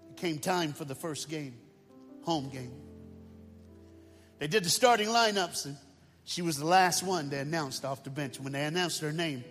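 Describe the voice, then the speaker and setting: A man preaches with a slightly high voice, telling his story with dramatic, colloquial flair. His voice carries a long reverb through a large auditorium. Faint music hangs underneath. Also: fairly bright tone. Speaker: guest speaker. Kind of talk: sermon storytelling.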